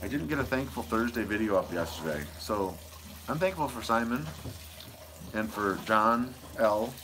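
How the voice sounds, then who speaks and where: A man's voice: fairly low pitch, animated, moderate pace, noisy background. Goofy rambling man on a live stream. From Michigan. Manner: goofy, rambling, reads viewer comments aloud. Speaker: homesteading channel host. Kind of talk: casual live stream chat. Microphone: wireless lapel mic.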